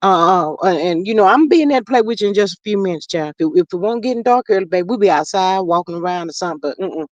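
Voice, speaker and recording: A woman's voice: on the low side, animated, fast talker, hardly any pauses, no room sound. A woman hosting a live stream, reading viewers' comments aloud in a folksy, sighing way and calling them "child" and "y'all". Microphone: streaming setup. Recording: dry, dull lo-fi stream audio.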